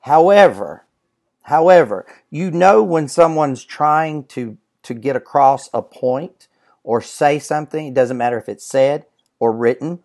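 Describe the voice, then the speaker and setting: A man co-hosting a casual talk show, speaking earnestly and haltingly, often restarting his sentences. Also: on the high side, animated, a little mellow. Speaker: co-host. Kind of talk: casual chat.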